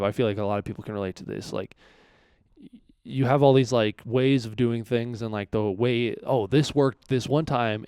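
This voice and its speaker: A man's voice: mid-range voice, a little mellow, clear, resonant tone, no room sound, clean studio sound. A man hosting his own podcast, talking casually and rambling, often swearing as he vents. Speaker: podcast host.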